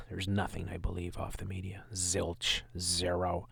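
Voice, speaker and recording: A man's voice: sits low, completely flat delivery, measured pace, creaky, a bit bright, slightly rough. A man hosting his own channel, giving sarcastic, scornful commentary on news clips. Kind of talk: ranting video commentary.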